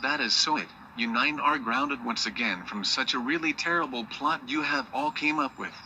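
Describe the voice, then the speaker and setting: A man's synthetic voice playing an angry male cartoon friend, scolding in a flat delivery. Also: medium pitch, moderate pace, a little hiss or hum, poor audio.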